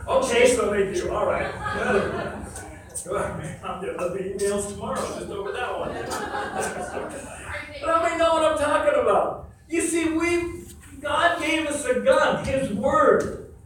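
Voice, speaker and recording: A man's voice: very high voice, measured pace. A man preaching a sermon, emphatic and repetitive, quizzing the congregation. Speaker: pastor. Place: church sanctuary. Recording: echoey hall from far off, faint noise.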